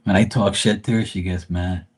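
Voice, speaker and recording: A man's voice: sits low, fairly even intonation, normal speed, slightly rough. A man giving tarot readings on a casual live stream, joking, rambling and swearing freely.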